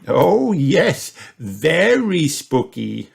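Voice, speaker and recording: A man voicing a jolly, playful old grandfather pig in a storybook, speaking in a hearty, drawn-out way. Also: fairly high pitch, big pitch swings, gravelly, husky, pitched above the performer's own voice, exaggerated voice.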